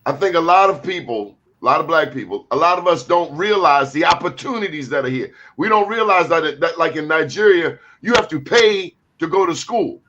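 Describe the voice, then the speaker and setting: A man hosting a talk show, talking in an animated, emphatic way with lively asides. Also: a little high, a little fast, few pauses, dull audio, a little hiss or hum.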